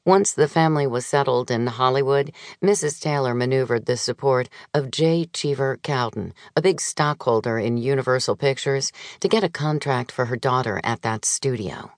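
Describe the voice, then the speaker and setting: A woman narrating a memoir audiobook in a measured, wry storytelling manner, recorded close on a studio mic. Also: very deep voice, no room sound.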